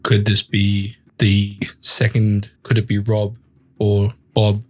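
A man playing a tabletop game, casual and halting as he describes his moves. His voice is husky, lowish and flat. Faint music sits behind him. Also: rough recording. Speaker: player.

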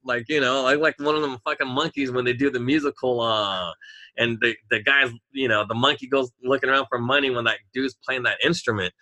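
A man's voice: mid-range voice, fairly even intonation, fairly quick, pushed and bright, no room sound. A man, rambling through stories in casual chat, drawing words out and laughing often.

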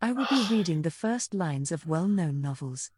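A woman voicing a formal robot quizmaster who speaks slowly and stiffly. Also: lowish voice, animated, a little mellow, breathy edge, no echo, studio quality. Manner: slow, formal machine delivery.

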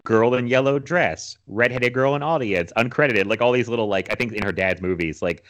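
A man's voice: medium pitch, brisk, a bit bright. A man in his thirties chatting casually about movies as a podcast co-host, rambling with many fillers and frequent laughs.

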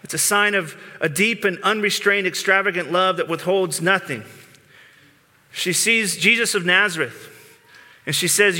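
A man gives an earnest, informal sermon as a pastor, sometimes stumbling and repeating words as he goes. His voice sits high and sounds tense and bright. The sound carries a long reverb of a large church sanctuary. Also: moderate pace. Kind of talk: conversational sermon.

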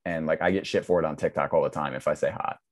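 A man's voice: rumbling low, steady tone, quick pace. A young man from Massachusetts with a mild local accent, a guest chatting casually in a laid-back, rambling way. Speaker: guest, TikTok creator. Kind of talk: casual chat.

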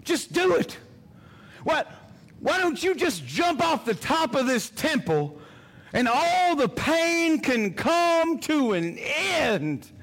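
A man's voice: very high voice, sing-song, slow pace, a bit bright, pitched above the performer's own voice, heavily acted. A male preacher voicing a persuasive male tempter spirit, speaking in an insistent, repetitive way. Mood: coaxing.

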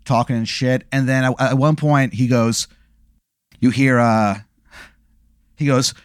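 A man's voice: mid-range voice, steady tone, a little slow, smooth, no echo, studio quality. A man casually spinning a made-up scenario, full of fillers and restarts, as a podcast co-host. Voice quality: rambling, filler-heavy storytelling. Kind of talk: casual comedic chat.

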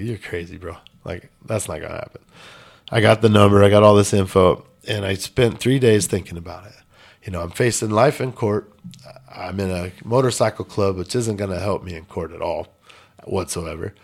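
A man's voice: lowish voice, gravelly. A man telling a personal story in a casual interview, blunt and emphatic with some swearing. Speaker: podcast guest.

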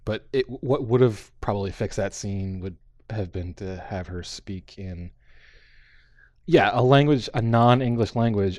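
A low-voiced man talks casually about a film on a podcast, animated, acting out headlines and dialogue as he goes. The sound is dry and close, with no room around it. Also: no echo. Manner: animated, acts out quotes, frequent fillers. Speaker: podcast host.

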